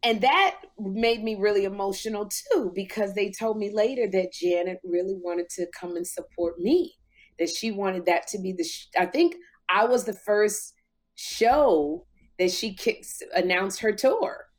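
A woman in her fifties, a talk show host, telling an emotional story in lively chat, jumping up in pitch when she quotes people. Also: a little slow. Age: 50s.

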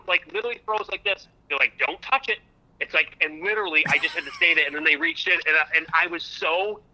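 Excitable man telling a story over the phone. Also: high-pitched, rough recording. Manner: excitable, rambling, repeats himself. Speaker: guest comedian. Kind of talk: animated storytelling on a call-in show.

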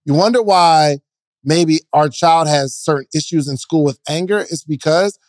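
Higher-voiced man telling a casual story. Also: normal speed, no room sound. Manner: loose anecdotal storytelling with filler "like". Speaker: podcast co-host. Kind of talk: casual podcast chat.

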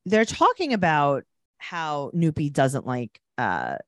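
A woman co-hosting a podcast, chatting casually and sarcastically, retelling scenes with deadpan jokes. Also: low-pitched, takes it slowly, no echo, clean studio sound. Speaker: podcast co-host. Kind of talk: casual chat recapping reality TV.

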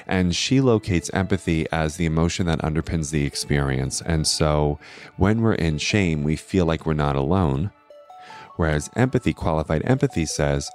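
A man with a very low voice talks through astrology in an earnest, explanatory way. He often checks in with his listeners by asking "right?". Faint music plays quietly behind him. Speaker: astrology host. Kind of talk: educational astrology talk.

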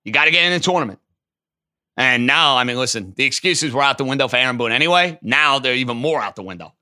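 Bright, emphatic sports radio host man. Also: medium pitch. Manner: emphatic, animated, quick to riff. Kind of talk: call-in sports talk.

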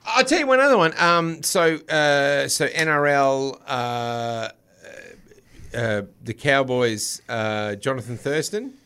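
Australian man, middle-aged, radio host, casual podcast chat, bright tense voice, storytelling. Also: mid-range voice, expressive, slow pace, smooth. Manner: storytelling, acts out other voices.

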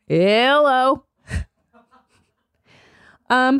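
A woman's voice: mid-range voice, takes it slowly, long pauses, smooth, no echo. Woman podcast host, brash profane storyteller, plays every part in her tale, dry close sound. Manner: profane, animated, acts out both sides of conversations. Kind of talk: casual comedic storytelling.

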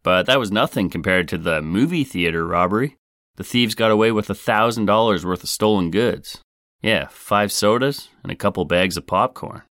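A man's voice: fairly low pitch, normal speed, a bit bright, no echo. A man hosting a comedic true-crime podcast, narrating in a wisecracking, sarcastic, playful way into a close microphone. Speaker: podcast host.

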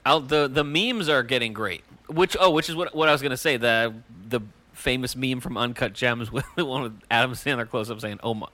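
A man's voice: mid-range voice, a little fast, few pauses, bright, forceful tone, no echo. A man co-hosting a casual podcast, teasing his friends and eager to talk. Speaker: podcast co-host. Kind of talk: casual chat.

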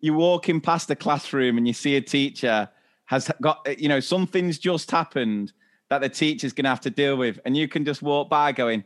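A man, co-hosting a podcast and telling school stories with animated voices for the children. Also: normal speed. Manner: animated storyteller, acts out kids' voices high and loud. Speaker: podcast co-host and teacher. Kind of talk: casual chat.

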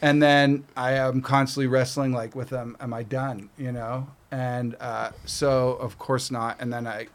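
A middle-aged Canadian podcast guest tells casual stories in a medium-pitched voice with little pitch movement, unhurried but with few pauses. He curses freely and acts out what others said.

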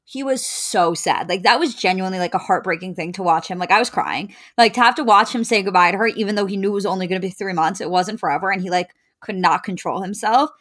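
A young woman co-hosts a casual podcast and picks apart a reality show at length. Her voice sits at a middle pitch, and she fills her talk with "like" as she thinks aloud. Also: quick pace, few pauses, fairly bright tone. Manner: talkative, analytical, heavy use of "like". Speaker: podcast co-host.

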